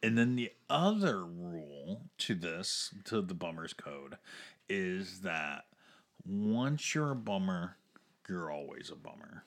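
A man's voice: sits low, sing-song, slow pace. A man in casual conversation, telling a story with frequent laughs, fillers and restarts. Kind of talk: casual chat.

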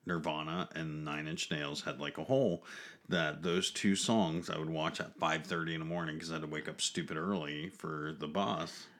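A podcast co-host with a very deep voice rambles through a casual chat and laughs often. His intonation is fairly even, his pace moderate and his tone fairly bright.

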